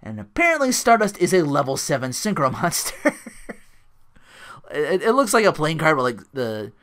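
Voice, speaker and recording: A man's voice: a little high, big pitch swings, moderate pace, a bit bright. A man hosting a solo podcast, recapping a wrestling show in a rambling way full of likes and restarts. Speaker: podcast host.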